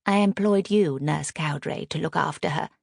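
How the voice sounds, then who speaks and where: A woman voicing a cold, haughty young upper-class wife who gives curt, commanding orders, in a low, gravelly voice. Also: moderate pace, no room sound, studio quality.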